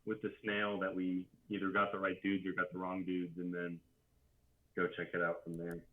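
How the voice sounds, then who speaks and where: A man's voice: low-pitched, monotone, moderate pace. A man playing a tabletop game, talking hesitantly with many fillers. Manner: hesitant, lots of uh and um. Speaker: player. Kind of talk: casual game chat. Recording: tinny phone-like call audio.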